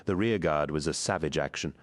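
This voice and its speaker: Deep-voiced man narrating an audiobook. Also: fairly quick. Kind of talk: scripted narration.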